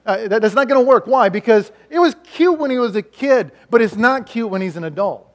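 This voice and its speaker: A middle-aged man preaching a sermon, telling stories in an animated way and swinging between loud lines and hushed ones. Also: very high voice, fairly quick. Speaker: pastor and chaplain.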